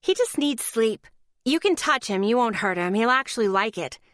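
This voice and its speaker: Brief: reassuring caregiver woman, brisk, slightly raised voice, put on by the narrator. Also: a little high, animated, a bit bright, no echo, studio quality. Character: caring woman nurse-like friend, reassuring.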